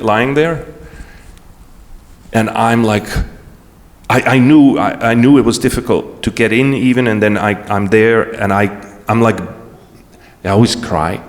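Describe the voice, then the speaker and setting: A man giving a talk as guest speaker, telling a personal story with emotion and frequent restarts. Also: mid-range voice. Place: large event hall. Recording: long hall reverb.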